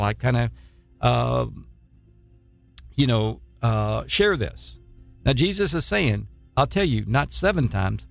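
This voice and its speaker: Gravelly guy preaching, stops and repeats himself a lot, dry sound, soft music under it. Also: medium pitch, no echo. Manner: halting, repeats words, many fillers. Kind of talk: sermon reading and explaining scripture.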